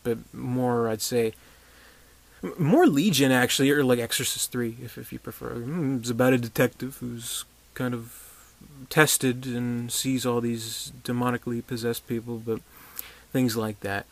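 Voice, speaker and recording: A man's voice: medium pitch, a bit bright. A man giving a casual, rambling movie review, sarcastic and profane, with many restarts and chuckling asides.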